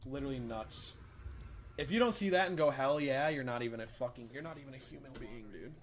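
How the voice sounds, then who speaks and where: Excitable young male game streamer. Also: mid-range voice, fast talker, slight background noise. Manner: excitable, swearing, yells and laughs at plays. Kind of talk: live game streaming commentary.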